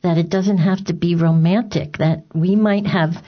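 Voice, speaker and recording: A woman hosting a radio talk show, enthusiastic and quick to affirm her guest. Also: fairly low pitch, fairly even intonation, highs cut off. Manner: enthusiastic, frequent affirming murmurs.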